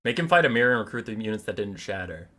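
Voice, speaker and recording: A man giving animated, irreverent commentary and storytelling over a strategy game, swearing casually. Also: on the low side, racing.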